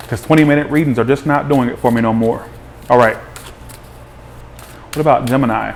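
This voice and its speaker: A man hosting a live tarot reading, chatty and animated, greeting viewers by name as he talks. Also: medium pitch, slight background noise. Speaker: tarot reader.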